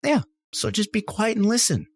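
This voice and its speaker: A man's voice: high voice, lively intonation, normal speed, creaky, slight background noise. A man, co-hosting a casual business podcast and acting out his customer calls as he tells stories. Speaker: sign company salesman, co-host.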